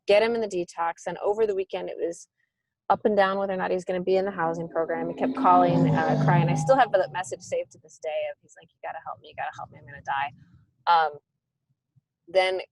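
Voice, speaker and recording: A middle-aged woman, a nonprofit founder, telling stories in a lively conversational way and acting out the dialogue. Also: mid-range voice, no echo, low-quality recording. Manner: animated, acts out quoted dialogue. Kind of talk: conversational storytelling.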